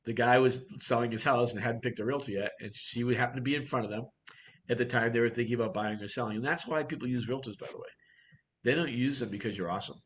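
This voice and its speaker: Guy running a real estate workshop, talks quick, blunt, keeps asking the room stuff. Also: mid-range voice. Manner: brisk, blunt, full of rhetorical questions. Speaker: real estate sales coach. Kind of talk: workshop talk to agents.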